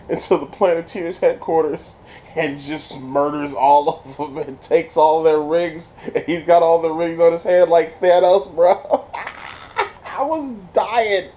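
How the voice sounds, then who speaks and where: A man giving a casual spoiler review of a TV episode, slangy and excited, laughing often as he retells scenes. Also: fairly high pitch, slow.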